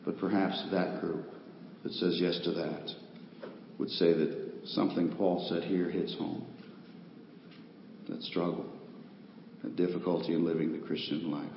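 A man with a lowish voice preaches a fervent sermon to his congregation, rising to loud proclamations and dropping to hushed appeals. The recording is lo-fi and dull, with a long hall reverb and a faint hiss underneath. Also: level tone, a little slow, gravelly, long pauses. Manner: emphatic preaching, swinging between loud declarations and quiet pleas. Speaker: pastor. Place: church sanctuary with a congregation. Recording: echoey hall, dull lo-fi sound with faint noise.

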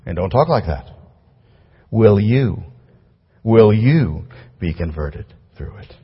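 A man preaching a sermon to a large crowd, earnest and pleading, rising to loud emphatic cries and falling to low tones. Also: animated, unhurried, slightly rough. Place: large hall before a crowd. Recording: dull recording with long hall reverb.

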